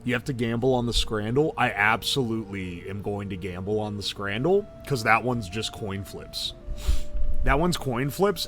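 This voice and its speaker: Excitable, foul-mouthed man streaming. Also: fairly low pitch. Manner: excitable and profane, swearing and yelling in disbelief; reads out ingredient lists, then reins himself in to talk calmly. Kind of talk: live-stream gaming commentary.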